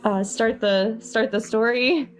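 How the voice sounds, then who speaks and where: Woman, young adult, caller, nervous, hesitant, lots of fillers, slow pace. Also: fairly high pitch, fairly even intonation. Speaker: caller sharing a paranormal story. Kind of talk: casual storytelling on a live stream.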